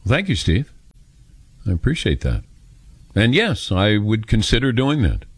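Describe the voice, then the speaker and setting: Lively self-deprecating male radio host. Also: fairly low pitch, normal speed, slightly rough, dry recording. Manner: chatty, self-deprecating, storytelling. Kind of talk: casual radio chat. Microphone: studio microphone.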